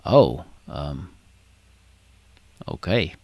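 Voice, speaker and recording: A man voicing a tired, reluctant young male leader who mutters in a low, dry way. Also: big pitch swings, very slow, gravelly, darkish tone, dry recording, heavily acted. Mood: grumbling.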